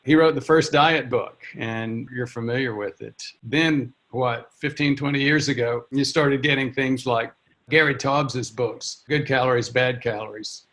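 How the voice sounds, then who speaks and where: A man's voice: medium pitch, fairly even intonation, unhurried, fairly bright tone. A man interviewing a guest, explaining background and asking follow-up questions. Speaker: interviewer, doctor. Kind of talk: conversational interview.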